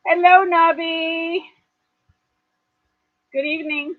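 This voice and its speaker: A woman's voice: extremely high pitch, steady tone, slow pace, no room sound, phone-quality sound. A chatty woman from British Columbia who laughs easily, talking casually on a livestream. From Canada, British Columbia. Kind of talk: casual chat.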